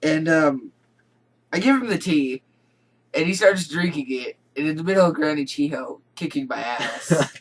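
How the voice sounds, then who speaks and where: A man's voice: fairly high pitch, a little slow, rough recording. Dry young man chatting with a friend. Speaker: co-host. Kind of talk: casual storytelling.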